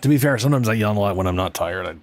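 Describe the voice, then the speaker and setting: A man's voice: lowish voice, animated, racing, slight background noise. A man streaming a game in casual chat, sleep-deprived and rambling, cursing now and then.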